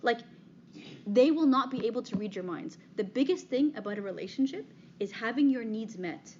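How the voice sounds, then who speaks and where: A woman's voice: on the high side, lively intonation, normal speed, a little mellow. Conversational woman speaker saying "okay?" constantly. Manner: frequent "okay?" check-ins, conversational and direct. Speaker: speaker giving a talk on dating. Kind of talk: talk to a live audience. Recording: slightly dull, faint background noise.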